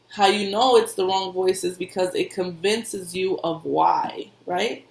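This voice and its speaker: A woman's voice: mid-range voice, slow, creaky, darkish tone. A woman who works as an intuitive reader and medium, giving casual spiritual advice in a conversational way, repeating herself and laughing often. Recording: echoey room.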